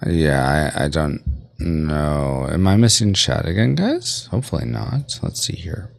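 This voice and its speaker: A man's voice: extremely low pitch, sing-song, a little slow, gravelly, dry recording, studio quality. A man hosting a gaming livestream, rambling playfully and reading chat aloud. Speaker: streaming host.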